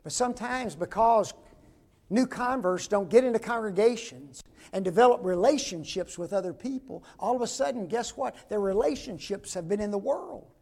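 A man's voice: high-pitched, animated, moderate pace, creaky, darkish tone. An older man, preaching a folksy sermon and asking the congregation rhetorical questions.

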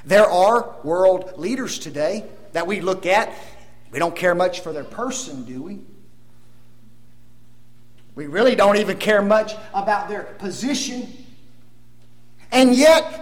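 A male preacher delivers his sermon in a high, lively voice that leaps up and down as he leans on each word. He talks slowly, with dramatic swings from loud declarations to near-whispered asides, and he keeps drawing the congregation in with rhetorical tag questions. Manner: addresses the congregation as folks.

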